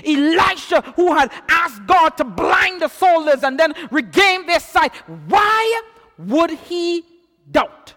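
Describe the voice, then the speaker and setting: A man preaching a sermon in an animated way, often repeating words as he builds, in an echoey hall. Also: extremely high pitch.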